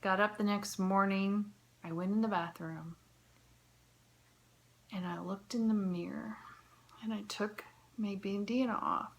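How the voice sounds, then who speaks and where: A woman's voice: medium pitch, steady tone, unhurried, gravelly, pauses often, muffled recording, a little hiss or hum. A woman in her fifties telling a personal story to camera in an earnest, heartfelt way, sometimes dropping to a near whisper. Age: 50s. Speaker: vlogger.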